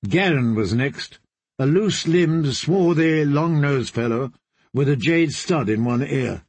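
A man's voice: medium pitch, animated, a little slow, a little mellow, husky, dry recording. A man narrating an audiobook, reading expressively and giving every character a voice.

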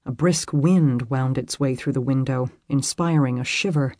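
An audiobook narrator reading a romance novel in an expressive, lively storytelling manner. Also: medium pitch, moderate pace, dry recording, clean studio sound.

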